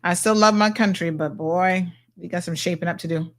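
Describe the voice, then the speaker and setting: A woman's voice: fairly low pitch, steady tone, a little fast, a bit bright. A middle-aged woman hosting a talk show, blunt and sassy as she reacts to viewer comments.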